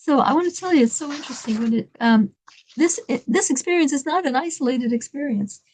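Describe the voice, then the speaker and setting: A woman telling an inspirational story in an animated, dramatic way, laughing between lines. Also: high-pitched, brisk.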